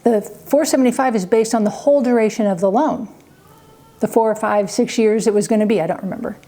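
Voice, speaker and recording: A woman's voice: on the high side, fast talker, mellow. A middle-aged woman from Kansas telling a family story in a chatty vlog, acting out the quoted voices with little laughs. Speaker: vlogger, mother.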